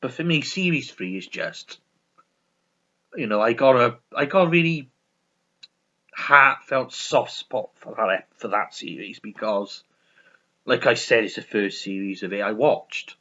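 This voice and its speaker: A man's voice: mid-range voice, a little slow, sharp tone, dull audio. A man hosting his own video, chatting casually and enthusiastically about a favourite comedy, repeating himself and swearing freely. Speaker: video host.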